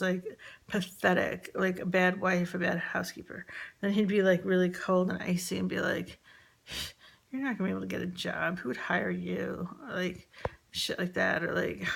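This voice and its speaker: A woman telling a personal story in a halting, reflective way, with many fillers and restarts. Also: mid-range voice, vocal fry. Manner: quiet, reflective, confessional.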